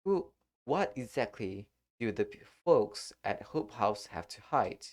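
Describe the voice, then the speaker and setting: Guy streaming a horror game, talks real slow, reads the in-game notes out loud. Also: on the low side, animated. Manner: reads in-game text aloud, unhurried. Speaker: gaming streamer. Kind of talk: live-streamed gameplay commentary.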